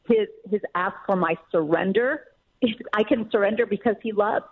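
Middle aged woman guest on the phone, earnest, emphatic, sounds tinny and phone-like. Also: mid-range voice. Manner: emphatic and earnest, quick laughs. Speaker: author and guest. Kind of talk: casual interview talk. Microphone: phone call.

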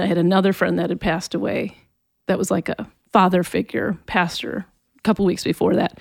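A woman giving an earnest, emotional personal faith testimony as an interview guest, often halting and restarting. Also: mid-range voice, fairly even intonation, a little mellow, no echo.

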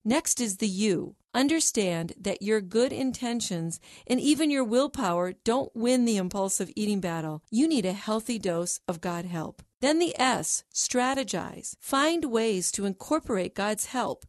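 A middle-aged woman talking as a Christian psychologist, explaining step-by-step advice in a measured, emphatic teaching manner. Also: medium pitch, animated, a little mellow. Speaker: Christian psychologist and show host. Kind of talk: faith-based advice talk.

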